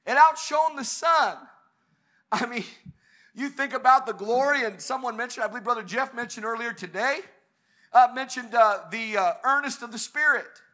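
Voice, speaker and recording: High, bright-voiced man preaching fervently. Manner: fervent preaching, swelling to emphatic peaks. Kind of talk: sermon. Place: church service.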